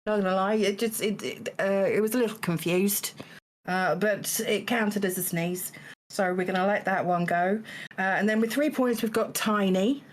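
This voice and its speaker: A woman's voice: medium pitch, normal speed. A woman hosting a live charity game show stream, dry and teasing, with frequent ums and restarts.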